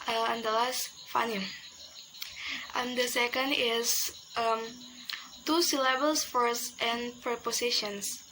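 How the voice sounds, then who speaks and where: A young woman whose first language is Indonesian, presenting an English pronunciation lesson slowly and haltingly, repeating each example word with many fillers. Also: a little high, fairly even intonation, bright, forceful tone, a little hiss or hum, low-quality recording. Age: young adult. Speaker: student presenter.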